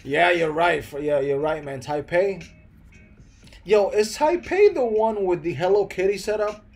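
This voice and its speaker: A man's voice: high-pitched, lively intonation, measured pace, a little mellow, faint music behind. A young man with an American accent chatting casually on a live stream, replying to viewers with lots of "bro" and "man" and frequent restarts. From Philippines, raised in the US.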